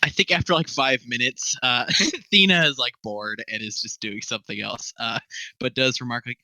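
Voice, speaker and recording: A man's voice: medium pitch, moderate pace, pushed and bright, dry recording, poor audio. A man narrating a tabletop game as game master, rambling with lots of fillers and laughing often.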